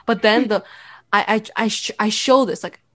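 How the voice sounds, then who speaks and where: A teenage girl co-hosting a casual podcast chat. She tells family stories in an animated way, full of "like" and restarts. Her voice sits at an ordinary pitch for her age. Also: normal speed. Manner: animated storytelling with many fillers. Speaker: podcast co-host.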